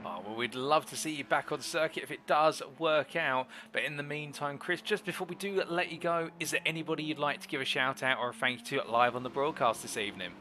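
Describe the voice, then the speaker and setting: A man's voice: on the high side, brisk, few pauses, bright, forceful tone, slight background noise. A man hosting a live sim racing broadcast, interviewing drivers in formal, flowing commentary phrasing.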